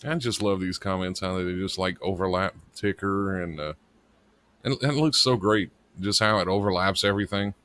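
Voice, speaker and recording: A man's voice: low-pitched, normal speed, a bit bright. A man co-hosting a live internet radio stream as its producer, rambling and joking with casual swearing. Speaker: producer and co-host.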